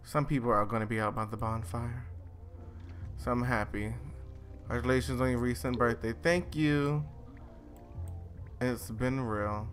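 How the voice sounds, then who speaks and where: A young man hosting a let's play, giving casual and excitable commentary as he bosses his game characters around with mild swearing. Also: mid-range voice, a little slow, long pauses, soft background music. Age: young adult.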